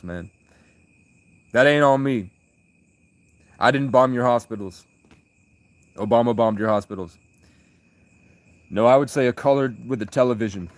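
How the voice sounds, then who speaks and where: On a late-night livestream, a man from the United States with a mid-range voice and no echo meanders through stories and reads out chat messages. Loud bursts of laughter punctuate his talk.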